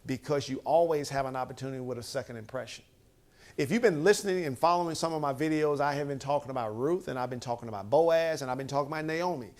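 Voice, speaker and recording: A man's voice: mid-range voice, fast talker, a little mellow. A male motivational speaker giving a conversational Bible teaching, emphatic and repeating phrases with frequent "right?" checks.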